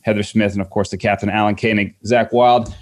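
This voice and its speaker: A man's voice: lowish voice, steady tone, brisk, darkish tone. A man hosting a podcast, chatting casually with a guest and wrapping up the show. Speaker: podcast host. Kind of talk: casual interview chat.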